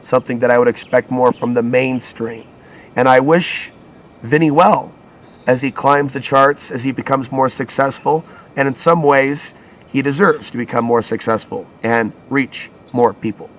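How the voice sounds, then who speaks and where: A man's voice: medium pitch, moderate pace. Rambling man, solo commentary monologue. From United States. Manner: rambling, restarts and self-corrections. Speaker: alternative media channel host.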